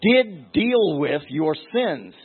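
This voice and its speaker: Male Bible teacher, verse by verse, emphatic with repeated words, slightly high voice, tinny phone-like recording. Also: sing-song, very slow, slightly rough.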